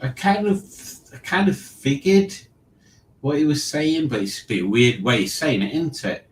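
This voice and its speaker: A man's voice: mid-range voice, normal speed, reverberant, a little hiss or hum, low-quality recording. A man hosting a casual online quiz, reading questions and joking about them. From Liverpool, England. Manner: wry, mocking the questions. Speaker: quiz host.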